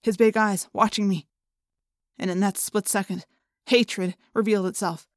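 A woman reading a youth science-fiction audiobook in first person, tense and steady. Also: mid-range voice, moderate pace, no echo, clean studio sound. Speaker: audiobook narrator. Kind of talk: scripted narration.

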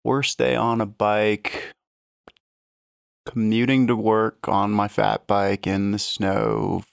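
A man's voice: fairly low pitch, flat delivery, takes it slowly, gravelly, clean tone, dry recording, clean studio sound. A man chatting casually and easily on a podcast, laughing at his own stories. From lives in Colorado. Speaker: podcast guest. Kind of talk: casual chat.

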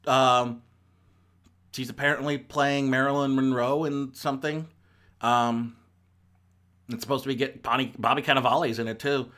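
Casting note: a man at a mid-range pitch, chatty and rambling, who fills his pauses with ums. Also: fairly even intonation, fairly bright tone. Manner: rambling, with many ums and restarts. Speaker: movie reviewer. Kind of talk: casual spoken movie review.

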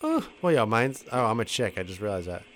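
A man's voice: lowish voice, big pitch swings, a little fast. A young man co-hosting a podcast, chatting bluntly and jokingly while playing a video game, swearing a lot. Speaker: podcast co-host. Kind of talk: casual chat while gaming.

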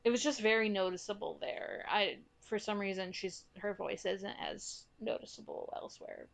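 A young woman co-hosting a podcast in casual chat, expressive and quick to laugh. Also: mid-range voice, vocal fry. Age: young adult. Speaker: podcast co-host.

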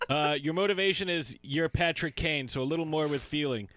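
A man's voice: fairly high pitch, fairly quick, a bit bright, no echo. A man co-hosting a podcast in casual sports chat, joking and doing mocking impressions. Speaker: podcast co-host.

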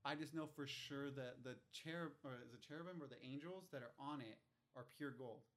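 A man in casual conversation who chimes in with short agreements and talks in a measured way when he explains. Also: mid-range voice, a bit bright.

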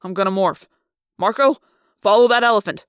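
A woman voicing a panicked teenage boy who yells urgent orders. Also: medium pitch, a little fast, clear, resonant tone, no echo, studio quality, natural voice. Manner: loud urgent yelling.

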